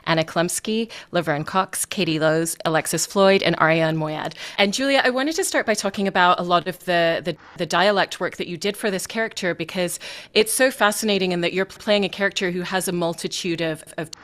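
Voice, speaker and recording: A woman's voice: fairly low pitch, brisk, fairly bright tone. A woman moderating a cast interview, asking long, detailed questions. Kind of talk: press junket interview.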